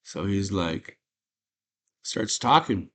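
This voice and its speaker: Casual male host, low-ish voice, animated plot retelling. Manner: animated storytelling, acting out character lines in quick impressions. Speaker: movie podcast host.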